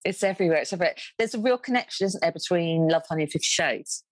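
A woman hosting a podcast, welcoming a guest and making brisk, wry remarks in casual chat. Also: on the low side, expressive, no room sound. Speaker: podcast host.

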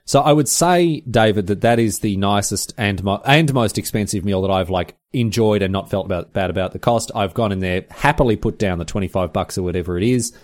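Australian male podcast host, lowish voice, quick and animated casual chat. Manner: fast, animated storytelling with exclamations.

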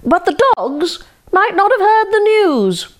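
A woman voicing a sly, overexcited male fox in a storybook tale, gushing and smooth-talking. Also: on the low side, sing-song, normal speed. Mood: yelling.

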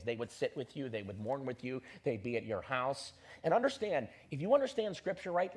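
A pastor preaching an animated sermon and leading his congregation in call-and-response. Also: medium pitch, slightly rough.

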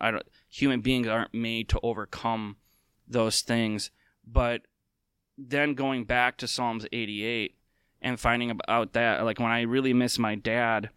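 A man's voice: mid-range voice, fairly bright tone, smooth, no room sound, studio quality. A young adult man hosting a podcast, talking candidly and from the heart, with many fillers and restarts. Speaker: podcast host. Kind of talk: casual personal talk.

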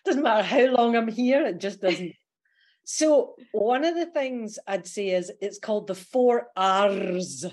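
A woman with a Scottish accent, a coach guesting on a podcast, explaining her ideas in a lively way and laughing often. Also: mid-range voice, measured pace. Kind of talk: casual podcast interview.

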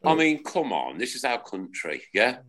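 A man's voice: mid-range voice, normal speed. A middle-aged man, chatting as a panelist on a football fan podcast, telling stories and often asking "right?". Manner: animated, storytelling, keeps asking "right?". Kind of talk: casual chat.

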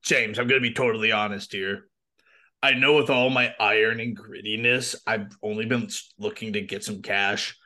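A man's voice: fairly low pitch, steady tone, normal speed, pushed and bright. A man improvising as a jittery ghost hunter in a tabletop game, with nervous, self-mocking banter. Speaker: player voicing a ghost hunter. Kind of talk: improvised role-play.

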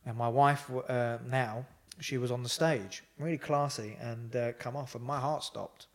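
A man's voice: medium pitch, steady tone, moderate pace. A man tells his stories in a loose, rambling way. He fills his talk with ums and acts out what people said to him. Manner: rambling with frequent fillers and quoted dialogue. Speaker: podcast guest. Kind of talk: casual storytelling.

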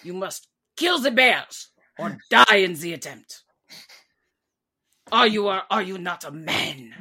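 A woman's voice: mid-range voice, animated, slow, sharp tone, slightly rough, heavily acted. A woman voicing a brash, commanding cat warrior with a German accent in a tabletop game. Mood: rousing. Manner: grandly exhorting.

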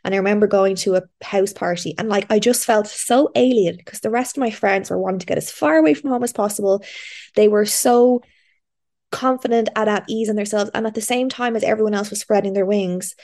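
A woman's voice: medium pitch, fairly quick, darkish tone. A woman, hosting a podcast and telling a personal story in candid, chatty casual talk. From Ireland. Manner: candid, chatty storytelling with frequent fillers and restarts. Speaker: podcast host. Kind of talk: casual interview chat.

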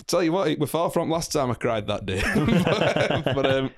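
A man's voice: on the high side, sing-song, normal speed. A man with a Yorkshire accent, co-hosting a football podcast in casual chat and laughing often as he tells stories. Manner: laughs often, chatty storytelling. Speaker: podcast co-host.

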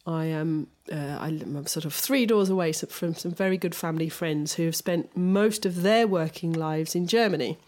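A woman's voice: low-pitched, moderate pace, few pauses, darkish tone. A middle-aged woman co-hosting a podcast, telling stories in casual chat, laughing often and restarting her sentences. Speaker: podcast co-host.

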